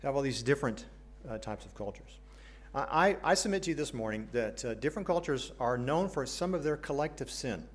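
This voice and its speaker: A man's voice: medium pitch, animated, brisk. American man preaching a sermon. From United States. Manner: earnest, asks the congregation questions, light jokes. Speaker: pastor.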